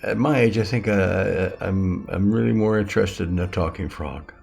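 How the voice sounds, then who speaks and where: A man's voice: sits low, normal speed, vocal fry, darkish tone, faint music behind. A man in his seventies playing an old man who answers a frog wryly. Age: 70s.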